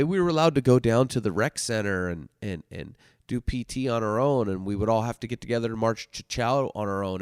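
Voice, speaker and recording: A man telling a casual story on his podcast, cursing freely and shifting between loud outbursts and near-whispered asides. His voice sits at an ordinary male pitch, recorded dry and close. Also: dry recording. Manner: profane, animated, swings from loud to hushed. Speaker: podcast host telling stories.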